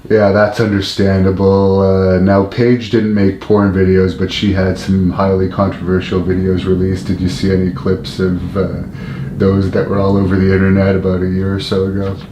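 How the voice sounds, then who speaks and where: Deep, flat-voiced male interviewer. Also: moderate pace, a little hiss or hum. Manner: direct, blunt questions. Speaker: interviewer, host. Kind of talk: interview questions. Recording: echoey room.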